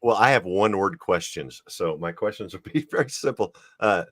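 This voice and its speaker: A man hosting a livestream interview, asking questions in a relaxed, easygoing way. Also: sits low, normal speed, dry recording, clean studio sound. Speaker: host. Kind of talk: casual interview chat.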